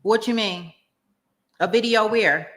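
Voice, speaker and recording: A woman hosting a casual livestream, reading viewer comments aloud. She laughs often and chats in a slangy, easygoing way, addressing her viewers as y'all. Her delivery is slow and drawn out, and her voice is bright. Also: mid-range voice. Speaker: livestream host.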